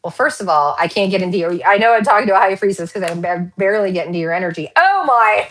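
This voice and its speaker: A woman giving a casual pick-a-card tarot reading, rambling and excitable, laughing often and drifting into tangents. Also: medium pitch, fast.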